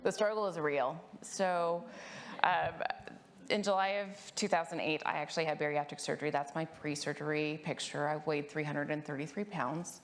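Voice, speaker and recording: A woman's voice: low voice, fairly even intonation, normal speed. A middle-aged woman speaking at a medical conference, telling her own story in an earnest, candid way with a few fillers. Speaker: conference panelist, nurse practitioner.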